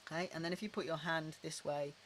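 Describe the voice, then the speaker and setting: A middle-aged man calmly guiding a tapping and breathing exercise, slow and repetitive, recorded indoors at his desk. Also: on the high side, slight background noise, low-quality recording. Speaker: tapping practitioner. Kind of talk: guided tapping and breathing instruction.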